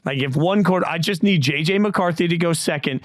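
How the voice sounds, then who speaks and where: A man's voice: a little high, brisk, dry recording. A middle-aged man hosting a sports podcast, telling stories in casual chat with playful jumps in his voice. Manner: animated storyteller, playful voice jumps. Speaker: podcast host.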